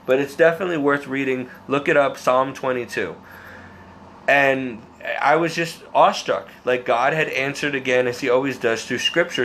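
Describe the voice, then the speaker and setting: A man's voice: mid-range voice, sharp tone, slight background noise. A man vlogging a personal faith testimony, talking earnestly and emotionally, rambling and restarting his sentences. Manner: restarts and repeats words.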